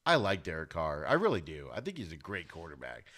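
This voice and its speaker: A man hosts a sports podcast, tearing through the week's games in an animated, ranting way. His pitch swings widely from line to line. His tone is bright and sharp. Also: fairly quick. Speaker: podcast host. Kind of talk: football recap commentary.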